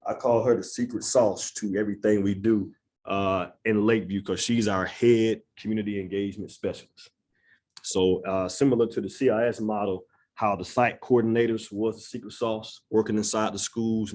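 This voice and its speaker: Earnest man, low voice. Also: steady tone, moderate pace, a little mellow. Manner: earnest, conversational, uses "right?" and "y'all". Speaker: executive director of a neighborhood nonprofit. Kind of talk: community presentation talk. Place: room in a church.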